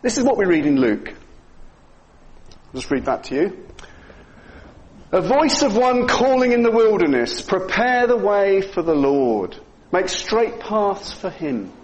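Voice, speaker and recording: Lively high-voiced man teaching the Bible. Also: a little slow, long pauses, low-quality recording. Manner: chatty, asks the listeners questions, chuckles at himself. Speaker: preacher.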